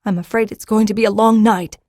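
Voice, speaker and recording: A woman's voice: medium pitch, steady tone, fast, darkish tone, no room sound, studio quality, voice pushed up, close to an everyday voice. A woman reading an audiobook, voicing a commanding young noblewoman who speaks sternly and with authority. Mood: brisk. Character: commanding young noblewoman taking charge of a hold.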